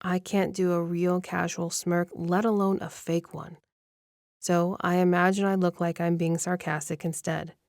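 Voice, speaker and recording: A woman narrating a first-person romance audiobook in an even, measured storytelling manner, close to the mic. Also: fairly low pitch, no room sound.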